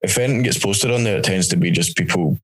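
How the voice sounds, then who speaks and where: A man's voice: deep voice, quick pace, husky, low-quality recording. A Scottish man and stand-up comic, chatting casually on a podcast in a rambling, sweary, stop-start way. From Scotland. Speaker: stand-up comedian, podcast co-host. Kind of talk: casual chat.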